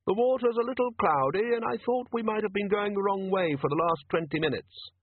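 A man voicing a polite, tinny, high-pitched voice from a creaking machine rising out of the sea in an audiobook. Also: brisk. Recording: tinny lo-fi dry recording.

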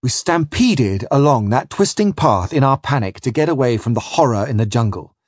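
A man reading a first-person adventure story aloud with vivid, dramatic storytelling in a husky voice. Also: medium pitch, animated, normal speed, no echo. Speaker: narrator.

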